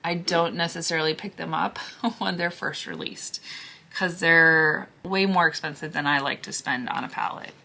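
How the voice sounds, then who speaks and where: Hoarse woman host, casual gushing declutter chat with hushed asides; low but bright, forceful tone. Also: normal speed. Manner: chatty, gushing, drops to a hushed near-whisper over swatches. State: hoarse, losing her voice. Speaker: beauty vlogger.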